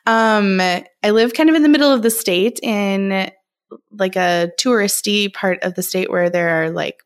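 A woman's voice: mid-range voice, normal speed, smooth. A woman with a Minnesotan accent from Minnesota, co-hosting a podcast in playful, teasing casual chat. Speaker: podcast co-host.

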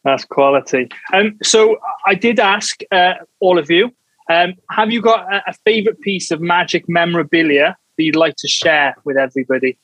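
High-voiced male host, relaxed and friendly. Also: moderate pace, no room sound, dull audio. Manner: relaxed, friendly, calls guests mate and man. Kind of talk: casual chat hosting.

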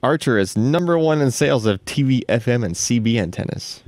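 A man hosting a casual tech podcast, animated and laughing often, with frequent restarts. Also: mid-range voice, fairly quick. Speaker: podcast host.

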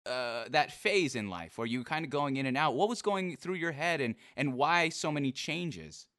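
A man's voice: fairly high pitch, expressive, moderate pace, fairly bright tone, dry recording, clean studio sound. A man hosting a casual interview, laughing often and asking open, encouraging questions. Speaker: podcast host.

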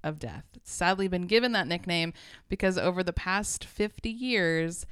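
Low smooth-voiced woman podcast host. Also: lively intonation, moderate pace, fairly bright tone, no echo, clean studio sound. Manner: joking, swears casually, tells the story. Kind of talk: casual chat.

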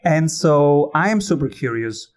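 A man's voice: on the high side, lively intonation, a little slow. A man from Italy, hosting a casual interview in a conversational way, with slightly phrasing. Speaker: podcast host.

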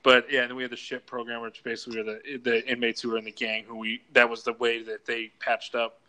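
A man's voice: medium pitch, monotone, quick pace, bright, forceful tone. A man, a former prison case manager, telling crude work stories on a casual podcast, laughing often and acting out other people's lines. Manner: crude, laughing storyteller, acts out voices. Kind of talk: casual storytelling chat.

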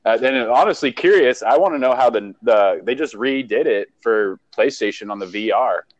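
Animated young man, casual and profane. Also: mid-range voice, normal speed, no echo, highs cut off. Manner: animated, loose and profane, laughs often. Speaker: podcast co-host. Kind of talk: casual chat.

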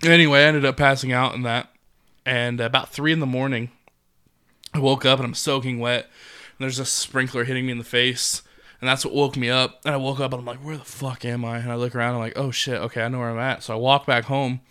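A man's voice: mid-range voice, level tone, fairly quick, sharp tone, clean tone. A young man casually telling a rambling drinking story, swearing and laughing along the way. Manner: laid-back, swearing, laughs mid-story.

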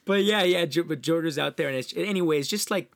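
A man's voice: fairly high pitch, a little fast, a bit bright. A young man, a student leader, talking easily as a podcast guest, laughing often and restarting his sentences. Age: young adult. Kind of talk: casual podcast chat.

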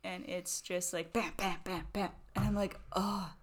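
A woman's voice: lowish voice, little pitch movement, moderate pace. A woman co-hosting a podcast from a small home studio, chatting casually, laughing a lot and saying "like" often. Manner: giggly, chatty, lots of "like". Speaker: podcast co-host. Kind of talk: casual chat.

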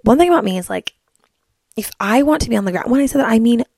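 A woman's voice: fairly high pitch, lively intonation, quick pace, creaky, darkish tone, husky, no echo, clean studio sound. A young woman vlogging in a bubbly, chatty way, filling her talk with "like". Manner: bubbly, chatty, heavy use of "like". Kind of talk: casual chat to camera.

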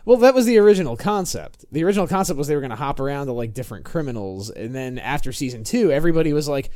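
Animated laughing man, lively pitch. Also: fast, few pauses, no echo, clean studio sound. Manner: animated, laughing often, swearing. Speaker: podcast host. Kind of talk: casual podcast chat.

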